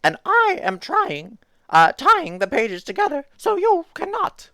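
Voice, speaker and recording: A woman putting on a furry male monster puppet, storybook reading, squeaky strained voice, swoops wildly up and down, frantic pleading, dry close sound. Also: huge pitch swings, measured pace, fairly bright tone, dry recording, heavily acted. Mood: panicked.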